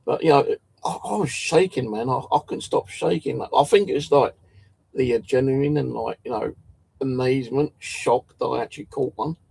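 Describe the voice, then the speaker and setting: A man's voice: medium pitch, normal speed, vocal fry, a little mellow, husky. A man telling a story in a casual, rambling way, swearing often and tripping over his words. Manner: swears a lot, restarts and stumbles. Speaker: channel host.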